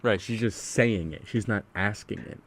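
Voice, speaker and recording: A man's voice: on the low side, normal speed, a crowd in the background. A man hosting a podcast, chatting casually about music in an earnest way and asking leading questions. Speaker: podcast host.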